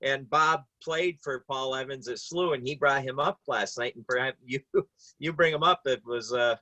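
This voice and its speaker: A man's voice: mid-range voice, normal speed, sharp tone, dry recording. A man co-hosting a sports talk show, teasing a guest with stumbling starts. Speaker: co-host. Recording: dry dull lo-fi audio.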